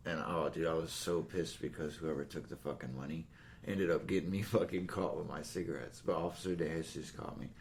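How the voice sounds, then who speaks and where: A man's voice: extremely low pitch, fairly even intonation, fairly quick, creaky, slight background noise. A man in his thirties, a podcast guest, chatting in a laid-back, profane way in a studio. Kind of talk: casual chat.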